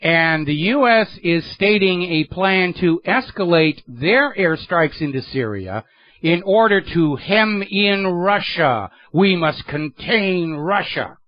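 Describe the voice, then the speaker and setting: A man's voice: high voice, animated, takes it slowly, highs cut off. A man hosting a political talk radio show, delivering an emphatic, sardonic monologue into a studio microphone.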